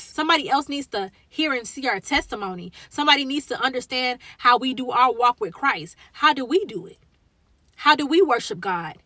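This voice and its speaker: Young woman, faith vlogger, slightly high bright voice, heartfelt, casual, encouraging. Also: no echo. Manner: earnest, encouraging, conversational with slang. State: emotional. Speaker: faith content creator.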